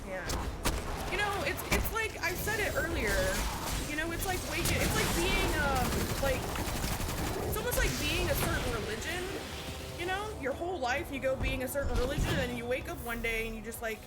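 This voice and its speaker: A woman with a high voice talks casually to her stream chat as she plays. She is candid, swears freely and circles back over the same words. Loud game music plays underneath her. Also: lively intonation, moderate pace. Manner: candid, swears a lot, repeats herself. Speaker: live streamer. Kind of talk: casual chat while gaming.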